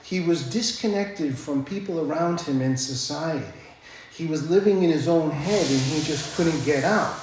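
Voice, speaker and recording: A man's voice: a little high, moderate pace, background noise. A man telling his own recovery story at a speakers' meeting, blunt and profane, often tossing in "right?" as he talks. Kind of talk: personal recovery talk. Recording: very echoey room, faint ambience.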